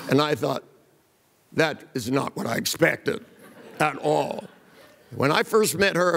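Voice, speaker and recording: Here an older man with a creaky voice on the high side speaks at a seminar, his words echoing with a long reverb tail. His talk is built on blunt, funny anecdotes in which he imitates each person's voice.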